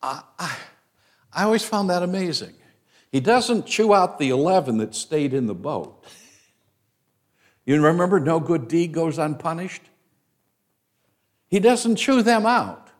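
Animated preacher man, slow and dramatic. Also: a little high. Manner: dramatic, acts out quoted voices, swings from loud to hushed. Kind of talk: sermon.

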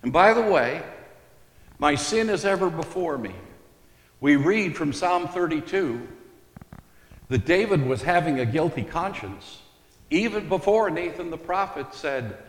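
A man preaching an expository sermon, teaching slowly and deliberately and stressing key words. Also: a little high, expressive. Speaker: pastor. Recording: echoey hall with long reverb.

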